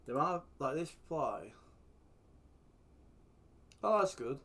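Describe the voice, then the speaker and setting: Sweary excitable man streaming. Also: on the high side, takes it slowly, husky. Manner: sweary, excitable, shouts at the game. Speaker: streamer playing a football manager game. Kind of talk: casual gaming commentary.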